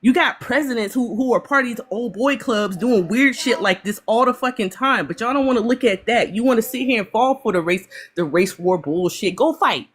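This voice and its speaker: A woman giving heated reaction commentary, ranting fast and full of swearing, upset and apologizing. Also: a little high, slightly rough. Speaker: panelist.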